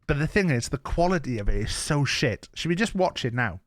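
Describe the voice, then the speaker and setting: A man talks casually on a live stream, rambling from one task to the next and breaking into excited, sweary outbursts. His voice sits at an ordinary pitch and sounds close and dry on the mic. Music plays quietly behind him. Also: fairly quick, no echo.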